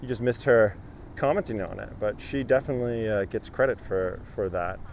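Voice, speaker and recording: A man's voice: lowish voice, a little fast, darkish tone. Man live-streaming a garden tour. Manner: casual, reads viewer comments aloud. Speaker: tour guide. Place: outdoors in a garden. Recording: outdoor live stream with clear background noise.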